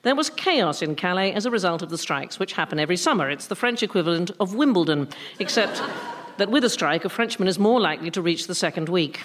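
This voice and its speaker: A man's voice: high-pitched, lively intonation, fast, background noise. A man hosting a comic news quiz, reading prepared satirical jokes in a dry manner. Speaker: quiz show host.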